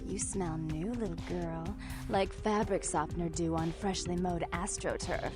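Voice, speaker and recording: A woman's voice: on the low side, steady tone, unhurried, natural voice. A woman voicing a flirty, unhinged vampire club owner. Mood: teasing. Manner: teasing, purring, playfully menacing. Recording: game audio with background music.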